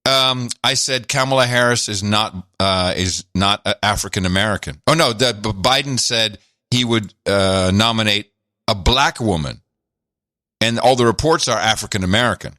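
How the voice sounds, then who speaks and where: A man's voice: on the low side, moderate pace, pushed and bright, dry recording. A man co-hosting a podcast in casual banter, joking and mocking with frequent laughs, on a close studio mic. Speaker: podcast co-host.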